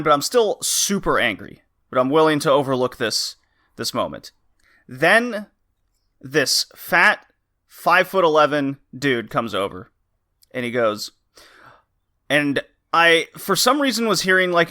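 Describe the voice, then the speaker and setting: A man co-hosting a podcast, casually telling an animated story, laughing often and swearing casually. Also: on the high side, moderate pace. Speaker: podcast co-host.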